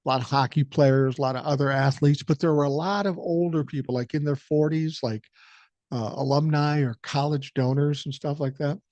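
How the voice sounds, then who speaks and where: Older midwest guy in his 60s, podcast host, swears a lot, kinda high voice, dry close mic. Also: fairly even intonation, normal speed, darkish tone, no room sound. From American Midwest. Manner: blunt and profane, laid-back. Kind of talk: casual storytelling monologue.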